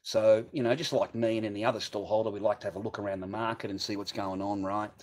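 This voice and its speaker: A man's voice: fairly low pitch, steady tone, fast, a little mellow. A man in his forties chatting casually on a livestream from his garage workshop, telling rambling, profane stories. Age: 40s.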